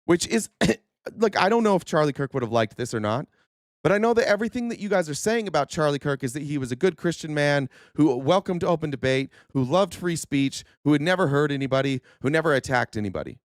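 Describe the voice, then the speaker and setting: Indignant, fairly high-voiced man hosting a show. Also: expressive, fast talker, dry recording, studio quality. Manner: earnest, indignant, with frequent restarts. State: losing his voice. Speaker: host. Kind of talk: political commentary livestream.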